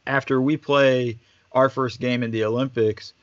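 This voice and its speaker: A man's voice: medium pitch, moderate pace, dry recording. Chatty man on a dull dry line. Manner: relaxed, chatty, lots of fillers. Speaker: basketball staff guest. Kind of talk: casual storytelling.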